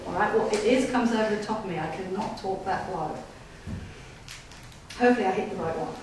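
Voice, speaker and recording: A woman, a paranormal investigator giving a public talk at a display day in an old gaol, tells a ghost story in a casual, chatty way, checking in with listeners and laughing often. Her voice is lowish, quick and a little mellow, captured distantly in an echoey room with a faint hiss.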